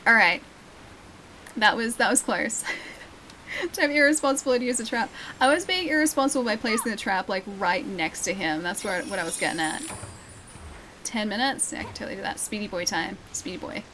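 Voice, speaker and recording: A woman's voice: a little high, lively intonation, normal speed, pauses often, sharp tone, a little hiss or hum, low-quality recording. Chatty Australian woman streaming a game. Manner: chatty, coaxing and teasing the monsters. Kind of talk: casual gameplay commentary. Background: game music.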